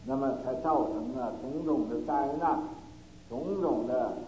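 A man giving a Buddhist lecture, stretching his phrases and padding them with drawn-out filler syllables. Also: mid-range voice, mellow. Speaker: Buddhist teacher. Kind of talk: dharma lecture. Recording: echoey dull lo-fi recording with faint hum.

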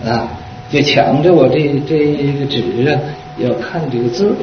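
Distant echoey monk telling a story. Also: male voice, medium pitch, moderate pace. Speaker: Buddhist monk teacher. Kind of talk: storytelling dharma talk. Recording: echoey, distant, dull lo-fi recording.

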